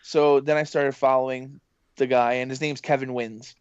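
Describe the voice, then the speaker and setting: Excitable man telling rambling stories. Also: medium pitch, normal speed, clean tone, no room sound. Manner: excitable, rambling, lots of fillers and acted-out quotes. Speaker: voice actor and games journalist guest. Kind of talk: casual podcast storytelling. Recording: muffled dry podcast audio.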